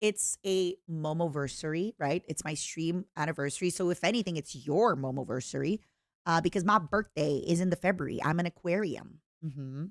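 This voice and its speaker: A woman's voice: low-pitched, moderate pace, no echo, clean studio sound. A woman streamer chatting casually and reading viewer letters aloud, in a playful, self-mocking way.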